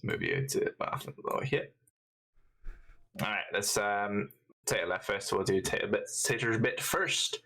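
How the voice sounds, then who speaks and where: A man narrating as game master in a tabletop game, halting and full of fillers. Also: on the low side, wildly swooping pitch, vocal fry, pushed and bright, low-quality recording. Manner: halting, many fillers, laughs often.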